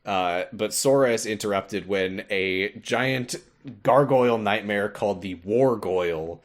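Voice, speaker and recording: Unhurried and fairly low-pitched, this man hosts a podcast where he casually goes over a video game. His talk wanders, full of fillers and frequent laughter.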